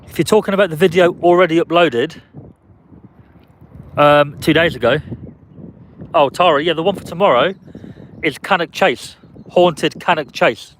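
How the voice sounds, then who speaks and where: A man's voice: a little high, normal speed, long pauses, a bit bright, a little hiss or hum. A man live-streaming from a parked car in a casual, chatty way, answering viewers' comments by name and playfully guessing the names of passers-by.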